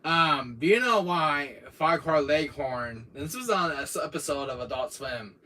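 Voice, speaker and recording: A man's voice: fairly high pitch, expressive, normal speed, sharp tone. A rambling, laughing man streaming from far off. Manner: rambling, laughing often, many fillers. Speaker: livestream host. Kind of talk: casual livestream chat. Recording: distant mic with faint noise.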